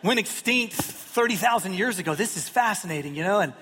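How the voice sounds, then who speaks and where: Pastor guy preaching, fairly high voice, chatty and jokey, big echo of the church hall around him. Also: expressive, a little fast, bright, forceful tone, slightly rough. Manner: conversational, self-deprecating humor with acted-out quotes. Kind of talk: sermon. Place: church sanctuary. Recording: long hall reverb.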